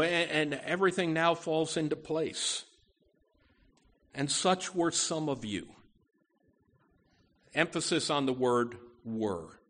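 A man preaching a sermon from the pulpit, earnest and deliberate, often saying "you know" and restarting phrases. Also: mid-range voice, fairly bright tone. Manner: slow, deliberate delivery with emphatic rises. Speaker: pastor.

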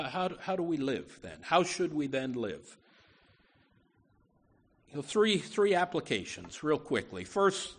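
A man preaching a sermon from the pulpit, earnest and deliberate, often saying "you know" and restarting phrases. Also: fairly high pitch. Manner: slow, deliberate delivery with emphatic rises. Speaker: pastor.

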